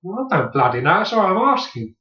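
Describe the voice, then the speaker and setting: A man's voice: high-pitched, big pitch swings, fast talker, sharp tone. A man doing an improvised comedy sketch as a blustering pub regular. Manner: blustering pub-bloke banter, heavy swearing. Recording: roomy, distant, dull lo-fi demo recording.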